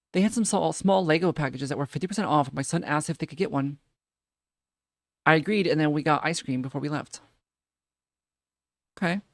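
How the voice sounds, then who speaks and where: A streamer with a medium-pitched voice does casual reaction commentary on a dry recording. He reads posts aloud and rants about them, profane and incredulous, repeating phrases a lot.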